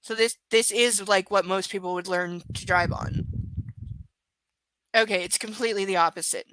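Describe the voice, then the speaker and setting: A woman hosting a live book reading stream, chatting casually with her viewers in a halting way, full of fillers and restarts. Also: mid-range voice, fairly even intonation, fairly bright tone, dry recording, rough recording. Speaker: livestream host reading a book.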